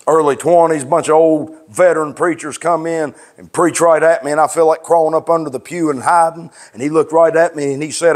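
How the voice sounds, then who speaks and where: A man pastoring a congregation, his voice sitting high for a man. He preaches plain and fervent, sliding from low, confiding talk into raised, shouted lines. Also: fairly even intonation, normal speed. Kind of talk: sermon. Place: church.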